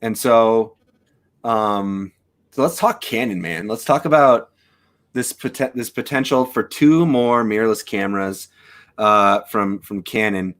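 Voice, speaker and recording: A man with a lowish voice chatting casually about photos and cameras over a video call. He rambles in a relaxed way, full of "um" and restarts, like a friendly shop regular talking shop. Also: unhurried.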